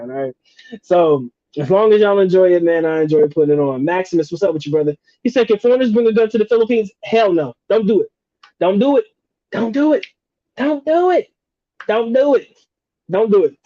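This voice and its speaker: Hosting a casual question-and-answer livestream, this North Carolina man talks in slang, swears freely and laughs a lot. His voice sits high, and the audio is dull with no room sound.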